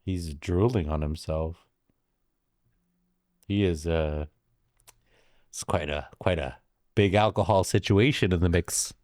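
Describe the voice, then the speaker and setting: A man's voice: low voice, takes it slowly, pauses often, a little mellow, no echo, studio quality. A man streaming live, reacting to videos with blunt, mocking asides.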